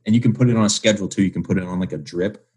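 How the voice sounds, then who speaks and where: Deep husky young man chatting. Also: very fast, a little mellow. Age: 20s. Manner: loose and chatty, heavy use of "like", acts out phone calls. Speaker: podcast guest, entrepreneur. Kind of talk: casual interview talk.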